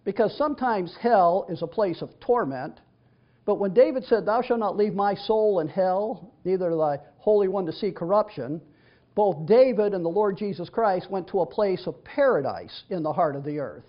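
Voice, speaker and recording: A man with a high-sitting, expressive voice teaches scripture at a moderate pace, first reading the verses and then explaining them informally. He talks in a chatty way with several restarts, and the recording sounds dull and lo-fi.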